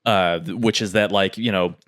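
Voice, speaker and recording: A man's voice: low-pitched, fairly even intonation, moderate pace, fairly bright tone. A man co-hosting a podcast in casual chat, thinking aloud in a meandering way with lots of fillers. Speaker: podcast co-host.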